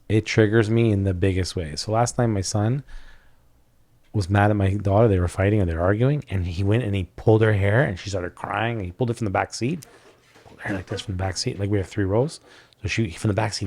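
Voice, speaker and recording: Fairly low and a little mellow, this man's voice hosts a laid-back podcast chat. He speaks candidly and wanders, frequently cutting himself off and starting sentences over.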